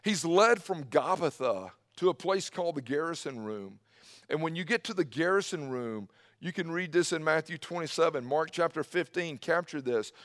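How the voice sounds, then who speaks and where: A man preaching an Easter sermon to a church, swinging between loud emphatic bursts and hushed low passages. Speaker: pastor. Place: church service streamed online.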